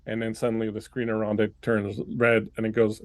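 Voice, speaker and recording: A man's voice: fairly low pitch, completely flat delivery, a little fast, dry recording. A man running a tabletop game as game master, narrating loosely with plenty of fillers and restarts.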